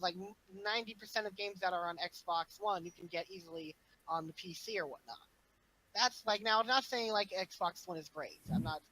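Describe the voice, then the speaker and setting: Bright-voiced rambling young man. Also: high-pitched, a little hiss or hum, low-quality recording. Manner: rambling, fillers like "whatnot", animated swings. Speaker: podcast guest. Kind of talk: casual chat.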